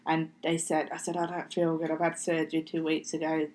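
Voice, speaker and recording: A woman's voice: sits low, monotone, a little fast, darkish tone, poor audio. A middle-aged woman, a podcast guest, telling her story in a chatty way and acting out what people said, sometimes dropping to a near-whisper. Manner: chatty, acts out quoted speech, slips into near-whispers. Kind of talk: casual interview storytelling.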